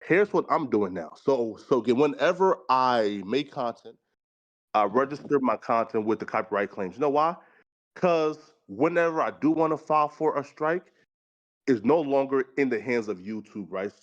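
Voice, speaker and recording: A man's voice: mid-range voice, expressive, moderate pace, dull audio. A man on a podcast panel talking in a casual, rambling way, packing his speech with fillers and slang. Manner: rambling, full of fillers like "right" and "you feel me"; slangy and profane. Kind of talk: casual chat.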